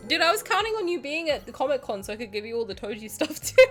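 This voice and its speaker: A female streamer plays a game live from home and talks with her chat, swearing in fun and putting on a mock-angry rant. She speaks quickly, with few pauses, big pitch swings and a high, slightly bright voice, while soft music plays in the background.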